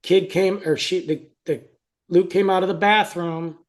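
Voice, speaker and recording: A man's voice: high-pitched, steady tone, unhurried. A young adult man, a podcast co-host, telling a story in casual chat, acting out quotes and laughing often.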